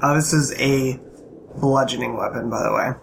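Gravelly-voiced man at a game table. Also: medium pitch, moderate pace, a little hiss or hum. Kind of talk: casual game-table chat.

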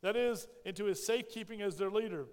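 A man's voice: high-pitched, fast talker, a little mellow, clean tone, big-room sound. A male pastor preaching a sermon in a folksy, storytelling way, often checking in with "right?". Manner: frequent "right?" check-ins.

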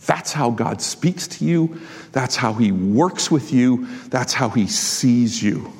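A man preaching a sermon as a pastor, emphatic and exhorting his congregation with quick asides. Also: medium pitch, animated, darkish tone, husky. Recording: long hall reverb.

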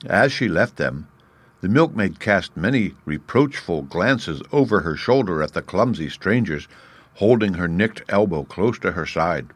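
Male storybook narrator; low voice, dry close recording. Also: lively intonation, unhurried, slightly rough, no echo. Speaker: audiobook narrator.

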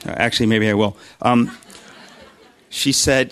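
A man's voice: medium pitch, fairly even intonation, a little slow, fairly bright tone. A man casually telling a personal faith story, rambling and self-deprecating, with frequent restarts and asides.

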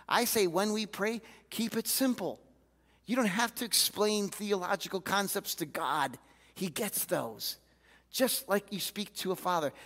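A man preaching a sermon as a pastor, candid and animated, often acting out the voices he quotes. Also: sits high. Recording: reverberant hall.

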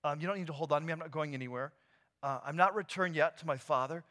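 A man voicing a gentle, reassuring risen teacher in casual everyday words while telling a sermon story. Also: on the high side, quick pace, close to an everyday voice. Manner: casual, plain everyday phrasing. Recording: long hall reverb.

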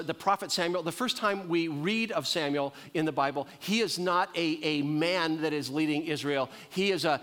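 Male preacher, middle-aged, slightly high voice; lively storytelling sermon delivery. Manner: storytelling, acts out characters' lines, slows for emphasis.

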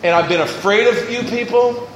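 A man's voice: high-pitched, moderate pace, fairly bright tone, reverberant, slight background noise. A male pastor preaching a sermon, reading scripture and acting out what people might say.

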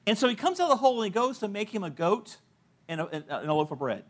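A man's voice: high-pitched, sing-song, fast. A middle-aged male pastor preaching a sermon, telling stories and acting out the people he quotes, often laughing at his own points.

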